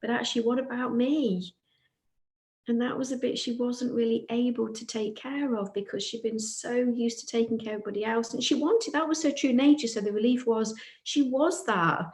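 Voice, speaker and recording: A woman's voice: on the high side, steady tone, a little fast, few pauses, reverberant. A woman on a podcast, telling the story of a client session in a casual, earnest way and quoting what the client said. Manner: warm, earnest retelling of a client session, quoting her softly. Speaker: podcast co-host.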